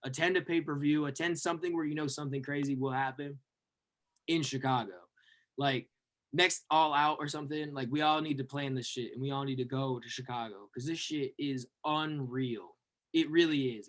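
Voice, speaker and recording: A young man co-hosting a podcast, telling a rambling, profane story with lots of fillers and yelled-out quotes. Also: medium pitch, fairly even intonation, normal speed. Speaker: podcast co-host. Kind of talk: excited casual storytelling.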